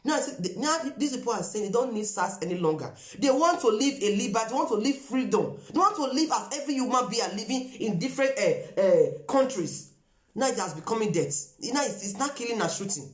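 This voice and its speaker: Brief: Nigerian-accented woman vlogger, animated higher voice, emphatic and repetitive, echoey room. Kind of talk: impassioned appeal to viewers.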